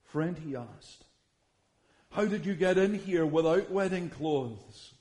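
A man reading Bible passages aloud in a measured, solemn way, pausing between phrases. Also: fairly high pitch, animated, a little mellow. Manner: measured, solemn delivery with long pauses. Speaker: scripture reader. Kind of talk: slow, deliberate Bible reading.

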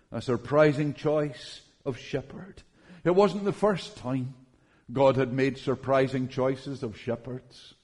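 A male preacher giving a sermon, his voice sitting a little higher than most men's. He speaks slowly and earnestly, drawing out each phrase, and addresses the congregation as friends. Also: darkish tone.

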